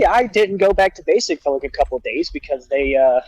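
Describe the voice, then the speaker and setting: A man's voice: a little high, a little fast, husky, dry recording, soft background music, low-quality recording. Man telling swear-filled army stories. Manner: animated, profane, rambling with restarts. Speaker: guest storyteller, soldier. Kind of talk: casual storytelling on a livestream.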